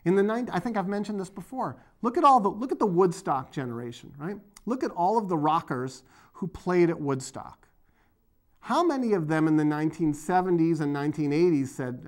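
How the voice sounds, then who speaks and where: A man's voice: high-pitched, animated, brisk. A man from the area, hosting his own video blog and ranting about politics in a rambling, sarcastic, emphatic way. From Boston area, USA.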